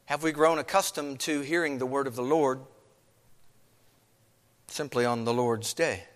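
A man's voice: medium pitch, steady tone, unhurried, long reverb tail. A man preaching a sermon as pastor, earnest, with many rhetorical questions.

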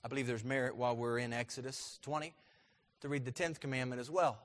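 A man preaching a sermon as pastor, asking his congregation questions and building to loud, emphatic peaks. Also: medium pitch, steady tone, fast talker.

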